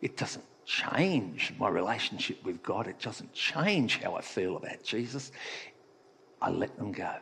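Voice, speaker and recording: A man preaching a sermon as pastor, talking in a relaxed, conversational way and telling a playful joke. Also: on the low side, unhurried, gravelly, slight background noise. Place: church hall. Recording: long reverb of a church hall.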